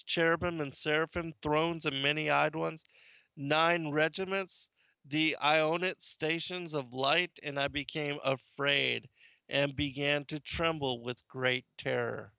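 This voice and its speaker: A man's voice: a little high, sharp tone, clear, resonant tone, no echo. A man hosting a monologue show, talking through passages and reading scripture aloud, with hesitant asides and rising emphasis on exclamations. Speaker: host.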